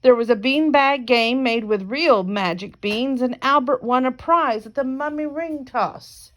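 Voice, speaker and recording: A woman reading a children's picture book aloud, slow and careful, with chatty asides between pages. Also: sits high. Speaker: reader.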